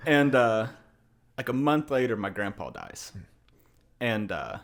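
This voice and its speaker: A young man in his twenties, a podcast guest, telling a casual story with animated quoted voices and frequent laughter. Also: mid-range voice, slow, creaky.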